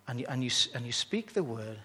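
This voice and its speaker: A man delivers a sermon to his gathered church, his husky voice sitting at an ordinary middle pitch. He talks animatedly, stumbling over and repeating words as his excitement rises. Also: fast. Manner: animated, with frequent restarts and rising excitement. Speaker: preacher.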